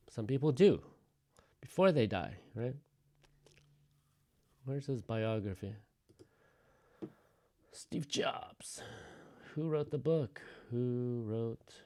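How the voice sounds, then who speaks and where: A man teaching a class in an easygoing, talkative way, with throwaway jokes and bits of thinking out loud. His voice sits at a medium pitch. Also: vocal fry. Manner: chatty, joking asides, thinks aloud. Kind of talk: classroom lecture.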